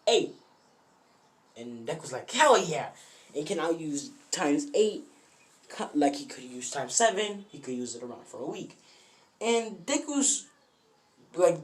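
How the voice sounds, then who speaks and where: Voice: mid-range voice, darkish tone. A narrator telling a fan what-if story off the cuff at home, rambling with many fillers and self-corrections. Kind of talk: casual improvised storytelling. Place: bedroom at home.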